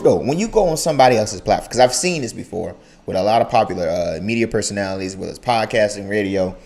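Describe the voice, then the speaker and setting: A young man hosting a casual reaction video, talking in an animated way and repeating phrases for emphasis. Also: medium pitch. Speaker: YouTube reaction host.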